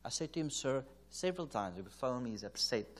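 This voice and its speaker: South African male preacher, storyteller, acts out dialogue, mid-pitched voice. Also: animated, fast talker. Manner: anecdotal, re-enacts dialogue, chuckles often. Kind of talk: conference sermon, storytelling. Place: church or conference hall.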